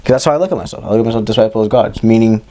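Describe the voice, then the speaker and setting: A man in his twenties co-hosting a podcast, casually telling a personal story in an animated way with lots of fillers. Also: on the low side, rapid-fire. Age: 20s. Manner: animated, acts out quoted voices, many fillers. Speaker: podcast co-host.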